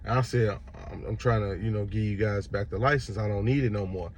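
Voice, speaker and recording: Gravelly-voiced young man telling a story. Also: lowish voice, fairly quick, lo-fi sound. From Chicago, Illinois. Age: young adult. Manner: animated retelling, acts out other voices. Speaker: vlogger. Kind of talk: casual storytelling to camera.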